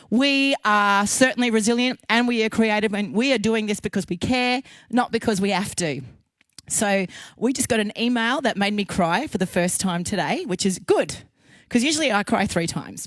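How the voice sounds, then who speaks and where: An Australian woman hosting a live show from a kitchen set on a handheld mic, chatty, playful and quick to get emotional. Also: mid-range voice, dry recording. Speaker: host. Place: studio kitchen. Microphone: handheld mic on a lead.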